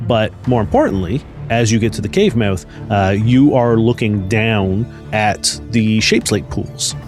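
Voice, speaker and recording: A man's voice: on the low side, animated, a little slow, music in the background. A man narrating a tabletop game as game master, in a loose style full of fillers. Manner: loose, hesitant, filler-heavy.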